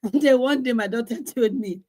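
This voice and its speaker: A woman's voice: fairly high pitch, moderate pace. A woman in her forties, speaking earnestly on a video call about her own parenting and acting out the lines of others. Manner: earnest, animated, acts out quotes. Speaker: conference speaker. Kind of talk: sharing personal parenting story.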